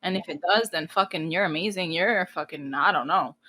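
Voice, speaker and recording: A woman in her late thirties speaks with a bright, forceful edge, blunt and unfiltered, swearing freely and dropping in Spanish phrases. She is from New Jersey and is a guest in a casual podcast interview. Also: on the low side, a little fast. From New Jersey, USA. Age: 30s. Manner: blunt, profane and animated. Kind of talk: casual candid interview talk.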